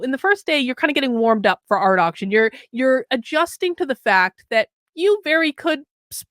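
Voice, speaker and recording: A woman's voice: a little high, fairly bright tone, dry recording, studio quality. A woman hosting a political commentary show, reading an article aloud with sarcastic, mocking asides and chatty anecdotes.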